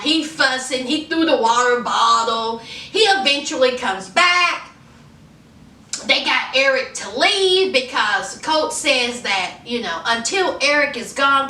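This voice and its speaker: A young woman who recaps in a sassy, animated and gossipy way. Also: high voice, recorded from a distance. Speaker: YouTube recap host. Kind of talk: casual chatty recap. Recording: roomy echo, off-mic.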